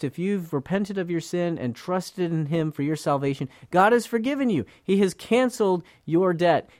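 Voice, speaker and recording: This earnest male Bible teacher, whose voice sits a little high for a man, talks conversationally through scripture, tripping over and repeating words and voicing the speakers he quotes. The recording is close and dry, with no echo or room sound.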